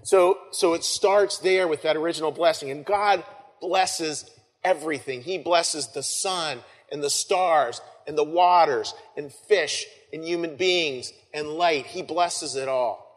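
A male pastor delivers an Easter sermon in a loose, conversational way, circling back on his words and letting phrases trail off softly. His voice sits a little high for a man. The sound carries a long reverb from a large hall. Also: a little slow. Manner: conversational, with frequent restarts and soft trailing phrases.

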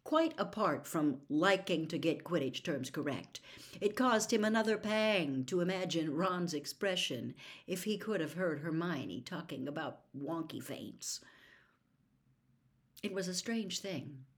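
A woman reads a children's novel aloud in an expressive storytelling voice. Her voice is low, yet her pitch moves a lot. She sometimes drops into a hushed whisper. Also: unhurried. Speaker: narrator. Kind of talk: audiobook narration.

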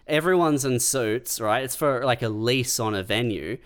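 A man's voice: medium pitch, normal speed, clean tone. A man building absurd scenarios in a casual comedy podcast chat, often saying man and dude.

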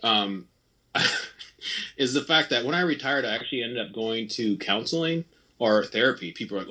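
Here the former ski racer, a man in his thirties, sounds expressive and sharp, with a slightly rough edge, speaking at normal speed and medium pitch. He's candid and rambling in this casual interview, frequently restarting and voicing his own self-talk.

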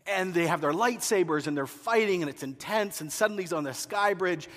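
A man preaching a sermon as a pastor, telling stories with animated, acted-out movie scenes. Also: high voice, brisk. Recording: long hall reverb.

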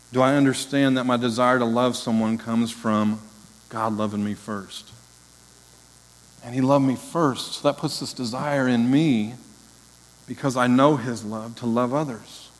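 A man preaching a sermon in an earnest, heartfelt way. His voice sits at an ordinary middle pitch, and a long reverb trails each phrase as though it fills a church hall. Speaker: interim pastor.

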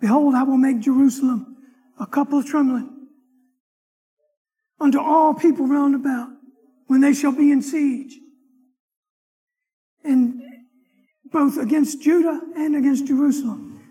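A high, light male voice rings out in a church hall, its words trailing off in a long echo. He is a deacon teaching a Sunday morning Bible lesson, reading the verses with swelling emphasis. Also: fairly even intonation, a little slow, long pauses. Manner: emphatic, swells loud on scripture verses and exhortations. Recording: long reverb of a large hall.

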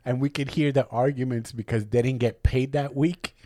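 A man co-hosts a podcast, swearing freely and trading crude jokes. His pitch is middling and his voice is recorded dry and close. He slips into Spanish when he retells a story. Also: fairly even intonation, moderate pace, warm tone, no echo. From Puerto Rico. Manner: crude, joking banter, switching to Spanish. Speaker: podcast co-host. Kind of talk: casual chat. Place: podcast studio.

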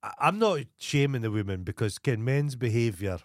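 A man's voice: medium pitch, expressive, moderate pace, dry recording, clean studio sound. A man with a Scottish accent co-hosting a podcast in casual banter, blunt and crude, dropping local slang. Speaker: podcast co-host.

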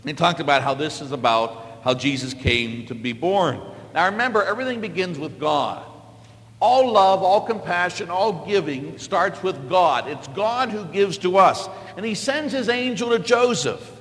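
High-voiced priest preaching in a hall. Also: male voice, animated, normal speed. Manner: storytelling homily, big swings from low asides to loud exclamations. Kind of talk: sermon. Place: church.

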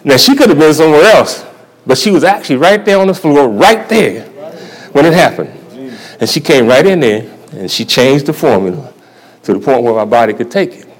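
A man's voice: a little high, expressive, a little fast, rough recording. A male church elder giving a sermon testimony at a convocation, telling his story in a folksy way and chuckling often.

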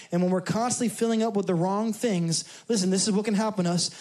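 A man's voice: sits high, darkish tone. A male pastor from New York preaching a sermon in a conversational, humorous way, with asides to the congregation. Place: church service.

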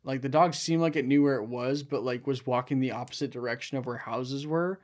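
Young guy on a podcast, rambly, says like a lot, mid pitch. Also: a little fast. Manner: rambling, heavy use of "like". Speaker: podcast co-host. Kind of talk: casual chat.

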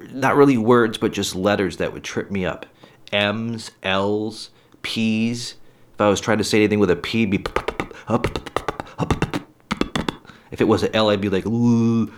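A man's voice: low voice, fairly bright tone. A middle-aged man telling personal stories in a casual, rambling, frank way, often saying "literally.". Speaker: storyteller.

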